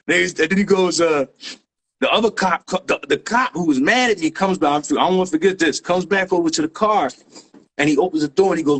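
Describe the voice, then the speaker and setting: A man, a graffiti writer guest telling a story in lively street slang with sound effects. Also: on the high side, fairly quick. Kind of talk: animated storytelling.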